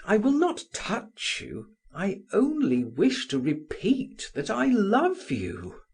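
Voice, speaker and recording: A male narrator voicing a passionate young man who pleads in a raised, breathy voice. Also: high voice, wildly swooping pitch, slow pace, pitched above the performer's own voice, exaggerated voice. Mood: pleading.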